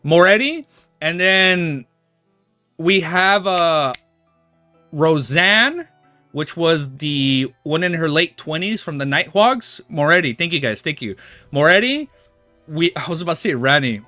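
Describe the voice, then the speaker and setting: Excitable high-pitched young man streaming. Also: a little slow, no room sound, faint music behind. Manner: excitable, restless, trips over his words. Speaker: streamer reading and reacting to a web novel. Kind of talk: casual live-stream chat.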